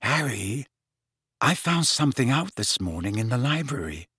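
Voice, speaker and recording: Storybook: quiet, earnest, reproving teen girl, read by a man. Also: fairly high pitch, sing-song, unhurried, breathy edge, dry recording, studio quality, voice pushed up, exaggerated voice.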